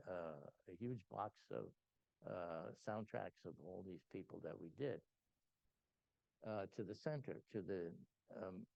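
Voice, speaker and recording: An older man telling a lively anecdote at a gathering, acting out voices and laughing often. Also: gravelly, no room sound. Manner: animated anecdote teller, acts out quotes, laughs often. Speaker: speaker at a spiritual gathering. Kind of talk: storytelling talk. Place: meeting hall. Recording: dull low-fidelity sound, dry.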